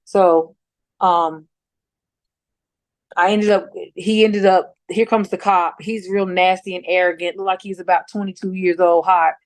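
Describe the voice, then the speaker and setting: A middle-aged woman slowly recounting a painful personal experience, halting and restarting often. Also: fairly low pitch, fairly even intonation, dry recording. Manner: slow, halting retelling with many restarts and fillers. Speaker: mother telling her story as a guest. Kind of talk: emotional personal account.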